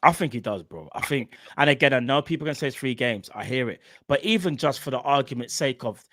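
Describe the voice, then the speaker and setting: Young man, casual football chat, very animated, dry close sound. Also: medium pitch, brisk, hardly any pauses, dry recording. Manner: animated, slangy, jokey. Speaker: football podcast co-host.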